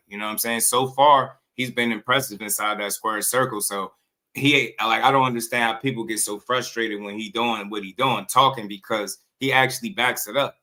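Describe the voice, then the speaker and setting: Guy running a boxing show, bright voice, slangy and laughing a lot. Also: on the low side. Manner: animated, slangy, laughs often. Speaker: boxing channel host. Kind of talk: casual boxing commentary.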